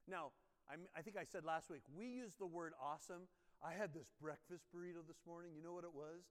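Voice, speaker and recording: Middle-aged male pastor, chatty storytelling sermon voice, smooth and resonant, long church reverb. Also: on the high side, lively intonation, moderate pace. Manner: conversational, storytelling, asks the congregation questions. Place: church sanctuary.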